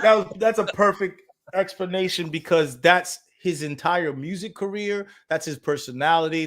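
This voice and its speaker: Man, podcast guest, measured explaining, fairly high voice. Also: fairly bright tone. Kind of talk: casual podcast chat.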